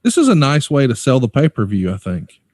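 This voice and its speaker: A man's voice: mid-range voice, wildly swooping pitch, brisk, a little mellow, no echo, clean studio sound. A man co-hosting a casual podcast, eagerly recapping old matches and leading the questions. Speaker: podcast co-host and interviewer.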